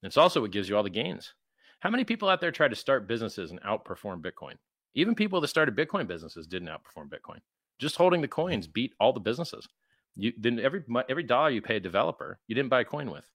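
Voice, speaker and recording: A man's voice: medium pitch, sing-song, fast, fairly bright tone, no echo, clean studio sound. A man being interviewed, talking emphatically and acting out quoted exchanges in mocking voices. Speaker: guest, crypto founder. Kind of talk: animated interview talk.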